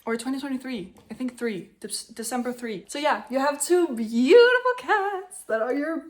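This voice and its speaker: A woman's voice: sits high, lively intonation, moderate pace. A woman in her twenties talking casually to the camera as a vlogger. She is chatty and blunt, swears freely, and speaks to her younger self. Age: 20s.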